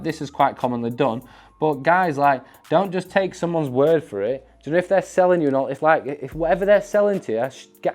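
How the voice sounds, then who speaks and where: A man with a medium-pitched, slightly mellow voice mentors fitness professionals, giving advice straight to camera. He's blunt and emphatic, swears often, and keeps checking in with "right?".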